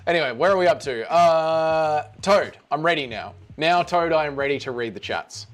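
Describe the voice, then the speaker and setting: A man's voice: fairly high pitch, animated, moderate pace, soft background music. An Australian man chatting casually on a live stream, rambling and greeting viewers by name.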